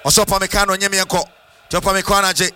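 High, sharp-voiced Ghanaian radio commentator. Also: male voice, very fast, smooth. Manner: sing-song, excitable, mixing English with Twi phrases. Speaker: play-by-play commentator. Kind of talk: live radio football commentary.

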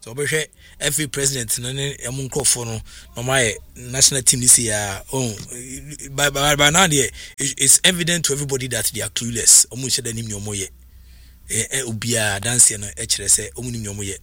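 A Ghanaian man hosts a sports talk show on the radio, chatty and loose, with plenty of pauses to think. His mid-pitched voice is bright and forward. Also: dry recording.

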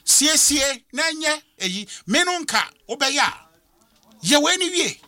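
A middle-aged Ghanaian man hosts a radio talk show in a high, very bright voice. His pitch swings widely as he presses his points, switching languages mid-sentence. The studio sound is dry and close. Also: unhurried, no echo. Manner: emphatic, lively, code-switching. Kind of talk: animated radio discussion mixing English and Twi.

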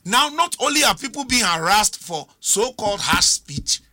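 A middle-aged Ghanaian man on a political talk show panel speaks at a moderate pace in a high-pitched, sharp voice with big pitch swings. Emphatic and argumentative, he mixes languages and keeps asking rhetorical questions.

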